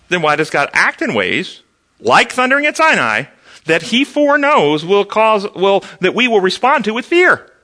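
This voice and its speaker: A man teaching an interactive Bible study, asking the class questions and answering them himself. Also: sits high. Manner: animated, asks the class questions.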